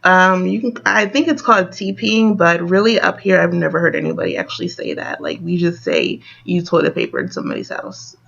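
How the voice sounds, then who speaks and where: A woman's voice: lowish voice, brisk, gravelly, few pauses, fairly bright tone, muffled recording. A young woman from Delaware with a northern Delaware accent, chatting casually in a vlog and reading a word list with giggles and lots of "like" and "um". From Wilmington, Delaware, USA. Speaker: vlogger.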